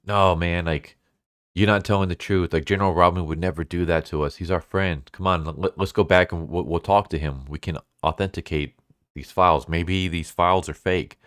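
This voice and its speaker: A man voicing a loyal male soldier bear who protests and defends his general, in his own low voice as a comic recap. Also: steady tone, moderate pace, fairly bright tone, no echo, studio quality. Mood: earnest.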